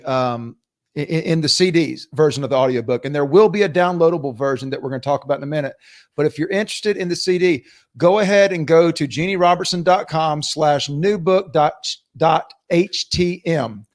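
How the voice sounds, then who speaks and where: A man with a slightly raised pitch explains things to viewers step by step. He sounds careful, a little hesitant, and stops for fillers now and then. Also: normal speed. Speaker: producer. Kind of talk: casual livestream chat.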